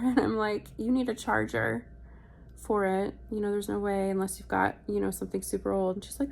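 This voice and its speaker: A young woman with a gravelly, fry-laced voice, talking from bed while sick with a virus. She rambles in a chatty vlog style, swearing freely and acting out what other people said, with a mid-range pitch. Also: little pitch movement, darkish tone. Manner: chatty, swearing, fast asides and quoting people. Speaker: vlogger. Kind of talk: casual storytelling vlog. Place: hotel room, in bed.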